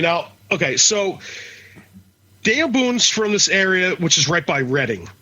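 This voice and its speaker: A man's voice: sits high, big pitch swings, normal speed, bright, forceful tone. A man in his thirties from Philadelphia with a faint Philly accent, chatting crudely and animatedly as a podcast co-host. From Philadelphia, USA. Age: 30s. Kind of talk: casual chat. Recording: dull lo-fi podcast audio.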